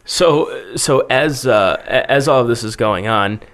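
A man's voice: mid-range voice, expressive, measured pace, gravelly, fairly bright tone. A man in casual chat, telling a long bar story, acting out quotes and swearing freely.

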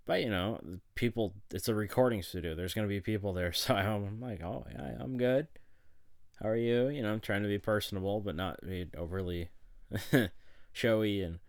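Low-voiced man rambling casually. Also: moderate pace, no echo, studio quality. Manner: rambling, profane, chuckling. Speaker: vlogger. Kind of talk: casual personal update.

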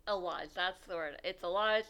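A woman's voice: lowish voice, moderate pace, a bit bright. A woman co-hosting a podcast in casual chat, a chatty, rambling storyteller. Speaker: podcast co-host.

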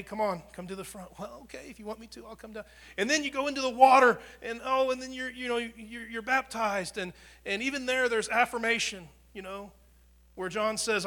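A pastor preaching a conversational sermon, swinging from loud proclamation down to near whispers, often repeating and restarting words. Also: male voice, high voice. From United States.

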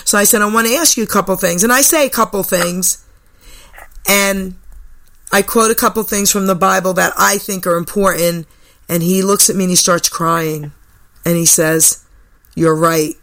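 An older woman hosting a radio talk show, telling a story with lively acted-out quotes. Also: medium pitch, moderate pace. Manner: animated, acts out quoted voices. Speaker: radio host. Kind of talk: storytelling chat. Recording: radio broadcast.

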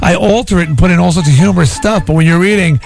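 Guy hosting morning radio, reads listener mail, gets loud and theatrical, fairly high voice, music playing faintly behind. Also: fast talker, creaky. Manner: animated, loud and theatrical at times. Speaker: radio host. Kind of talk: morning radio banter, reading listener emails. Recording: radio broadcast with music under it.

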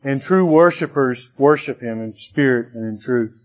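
A man's voice: medium pitch, normal speed. A man preaching a sermon to his congregation in a conversational way, with restarts and bursts of rising emphasis. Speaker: pastor.

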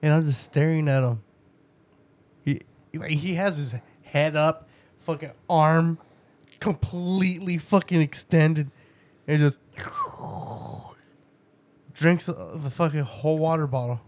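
A father and podcast co-host tells a story about his kid in casual conversation, animated and swearing, often laughing and breaking into high laughs. He talks slowly and pauses frequently.

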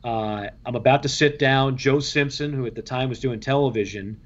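A man's voice: medium pitch, moderate pace. Man telling stories on a dull recording. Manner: lively, acts out quoted voices, frequent restarts. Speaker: baseball radio play-by-play broadcaster. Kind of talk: anecdotal storytelling in an interview.

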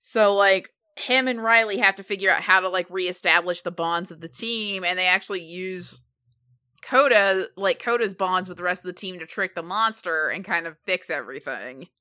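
A woman co-hosting a casual podcast chat, talking with constant "like" fillers and quick asides. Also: fairly low pitch, pushed and bright, clean tone. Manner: chatty, leans heavily on "like", quick asides. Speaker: podcast co-host.

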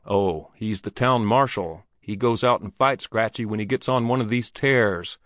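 A man's voice: fairly low pitch, normal speed, a bit bright, dry recording, studio quality, lightly acted. A man voicing grim, curt saloon men in an old Western story.

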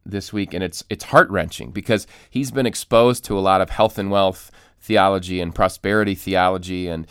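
A man's voice: low-pitched, fairly even intonation, moderate pace, fairly bright tone, clean tone, no echo, studio quality. A man hosting a podcast who teaches as a pastor, earnestly explaining with restarts.

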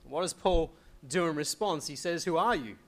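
A man's voice: a little high, lively intonation, moderate pace. A man preaching an expository sermon, reading scripture aloud and asking questions he then answers. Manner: explains, asks rhetorical questions and answers them; reads scripture aloud in old wording. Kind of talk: expository Bible teaching.

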